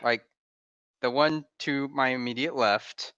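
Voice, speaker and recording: Bright-voiced joking male player. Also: medium pitch, slow pace, clean tone, no echo, highs cut off. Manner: laid-back, joking, profane. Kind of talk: casual tabletop play.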